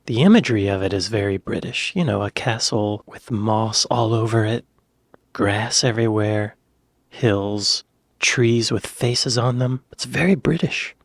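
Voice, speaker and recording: A man's voice: fairly low pitch, unhurried, no echo. An American man hosting a reaction video, chatty and joking in casual commentary. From United States.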